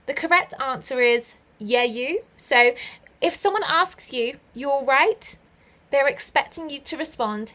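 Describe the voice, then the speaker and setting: Bright-voiced British woman teaching English. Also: sits high, lively intonation, unhurried. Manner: encouraging, praises learners often, laughs lightly. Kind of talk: live online English lesson.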